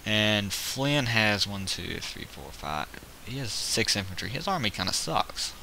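A man's voice: fairly low pitch, very animated, a little slow, creaky, pushed and bright, low-quality recording. Rambling man narrating a strategy game. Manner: rambling, counts units aloud, self-correcting. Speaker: gameplay video host. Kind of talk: casual let's-play commentary. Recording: faint hiss behind.

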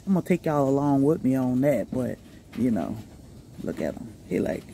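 A middle-aged woman vlogging casually outdoors by her rabbit hutches, chatty and animated, laughing often as she talks to viewers. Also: a bass voice, moderate pace, slight background noise. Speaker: homestead vlogger.

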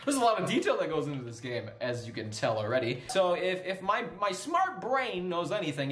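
A man doing excited, nervous gameplay commentary, reading lore aloud and giggling often. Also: high-pitched, fairly quick, hardly any pauses. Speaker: gaming YouTuber.

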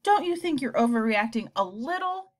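A woman's voice: a little high, big pitch swings, voice pushed up. A woman voicing an indignant mother who argues sharply and defends her son. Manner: sharp, argumentative, rapid.

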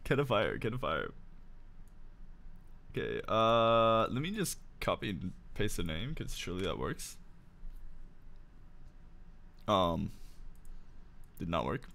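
A man streaming a game, chatting casually with friends, loud, swearing and joking in mock offense. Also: on the low side, very animated, a little slow, gravelly, pauses often. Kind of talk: casual gaming chat.

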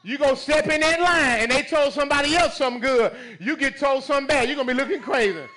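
Male pastor, very high bright voice, AAVE, shouting call-and-response sermon. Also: fast. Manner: call-and-response preaching, sudden shouts and laughs.

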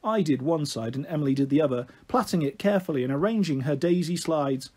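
A man reading a children's novel aloud in an expressive, animated way. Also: fairly high pitch, fast, husky. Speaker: storyteller.

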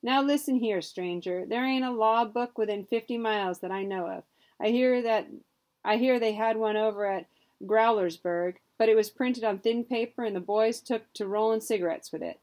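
A woman voicing a blunt frontier justice of the peace who talks in a slow, folksy way. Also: on the high side, a little mellow, close to an everyday voice.

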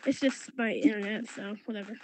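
A woman livestreaming a game, chatting excitedly with players and her chat in slangy, casual talk. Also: medium pitch, a little fast, background noise. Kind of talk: live gameplay chat.

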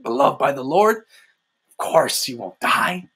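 A man's voice: mid-range voice, big pitch swings, slow pace, pushed and bright, breathy edge, voice pushed down, heavily acted. A preacher voicing a sly, tempting male devil who coaxes and mocks in a wheedling way. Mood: coaxing. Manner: wheedling, coaxing.

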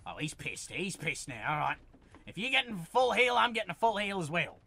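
Excitable streamer yelling battle cries. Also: male voice, sits high, brisk, creaky. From Australia. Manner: excitable, yells taunts and battle cries at enemies. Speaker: game streamer. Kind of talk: let's-play gaming commentary.

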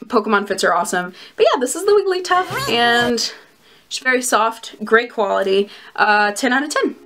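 A woman's voice: a little high, lively intonation, normal speed, fairly bright tone. Giggly, bubbly young woman vlogger. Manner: giggly and bubbly, with frequent laughs and fillers. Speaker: vlogger reviewing plush collectibles. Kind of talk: casual chat to camera.

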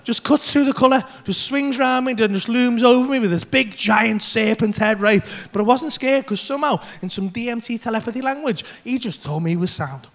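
A man doing an animated, sweary stand-up routine in a comedy club, with loud outbursts. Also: extremely high pitch, brisk, hardly any pauses.

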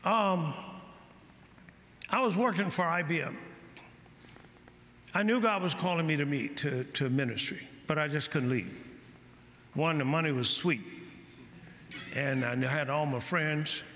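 An older man preaching a sermon to a congregation, calling for amens and shouting his points. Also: a little high, a little slow, pauses often. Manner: call-and-response preaching, shouting emphasis. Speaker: pastor. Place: large church hall. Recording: echoey hall, crowd noise. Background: congregation responding.

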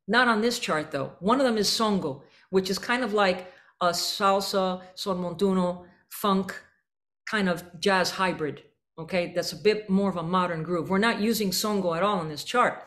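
A jazz clinician runs a band rehearsal clinic, coaching the players through vivid imagery and singing out syllables and rhythm phrases. Her voice sits in the mid range with a fairly bright tone.

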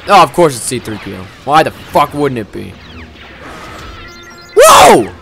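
A man giving profane, loud gaming commentary, yelling at the game often and then dropping into sheepish apologies. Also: mid-range voice, expressive, vocal fry, loud music behind the voice. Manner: quick swings between ranting and sheepish apologies. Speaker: gaming video host. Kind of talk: let's-play gaming commentary.

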